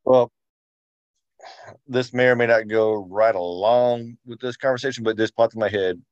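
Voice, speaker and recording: A man's voice: mid-range voice, fairly even intonation, normal speed, no echo. Emphatic man in a group chat. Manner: emphatic, repeats himself, says y'all. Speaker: study group member. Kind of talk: casual group discussion. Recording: dry, dull sound.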